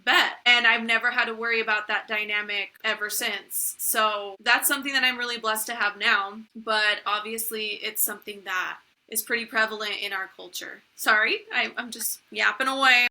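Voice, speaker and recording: A woman's voice: a little high, fairly even intonation, moderate pace, few pauses, pushed and bright. A young woman co-hosting a podcast, telling stories in casual chat and acting out what people said. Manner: chatty, storytelling, acts out quotes. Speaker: podcast co-host.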